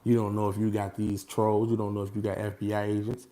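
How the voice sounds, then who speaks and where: A man talking casually and without a script to his followers, animated and repetitive, often breaking into laughter. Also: lowish voice, fast. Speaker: vlogger addressing his followers. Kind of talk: casual unscripted monologue.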